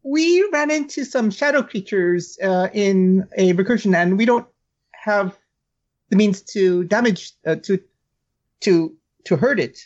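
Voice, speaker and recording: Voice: medium pitch, animated, measured pace, natural voice. A player voicing a male adventurer who asks for help in a stammering, hesitant way. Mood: urgent. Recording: dull, lo-fi mic.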